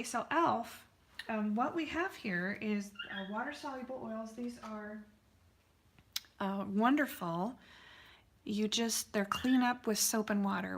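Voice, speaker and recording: A woman's voice: mid-range voice, vocal fry. A woman artist hosting a live painting stream, chatting casually and answering viewers' comments with lots of fillers.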